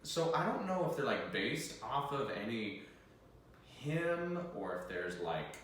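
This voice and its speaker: A man's voice: mid-range voice, sing-song, slow, fairly bright tone, slight background noise. A young American man hosting a video, chatting casually and self-deprecatingly as he sight-reads organ music. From United States. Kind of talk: casual talk while sight-reading. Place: room with an organ. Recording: very echoey room, mic at a distance.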